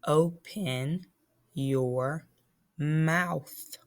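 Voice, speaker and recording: A woman's voice: low voice, drawn-out words. A woman teacher giving a phonics lesson to young children, patiently spelling and sounding out words.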